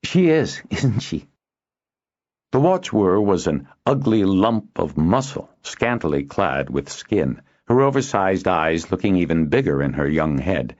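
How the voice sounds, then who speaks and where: A man reading an audiobook aloud as narrator, in a steady storytelling delivery. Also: low voice, a little slow, few pauses, dull audio. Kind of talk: scripted narration.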